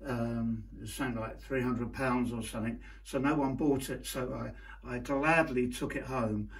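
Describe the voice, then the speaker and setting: A man in casual chat to camera, showing his paintings with a hesitant manner and many pauses. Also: medium pitch, fairly even intonation, low-quality recording. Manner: hesitant, many ums and restarts.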